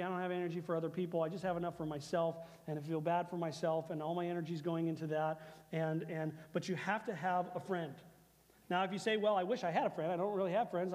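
As pastor, a man with a high voice preaches a conversational sermon in a large hall. He leans on repeated phrases for emphasis and gently acts out what God says.

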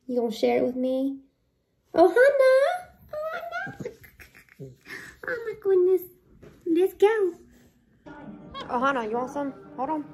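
A woman talking in doting baby talk to her pet monkey at home, often hushed and cooing. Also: a little high, vocal fry, husky. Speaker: pet owner vlogger.

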